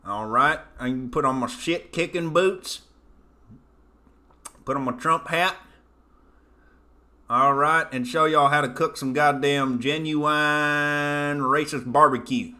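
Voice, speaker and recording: A man's voice: fairly high pitch, slow pace, pauses often, sharp tone, exaggerated voice. A man voicing a crude, boastful Oklahoma hick in an exaggerated country drawl. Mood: mocking. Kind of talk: comedic character voice.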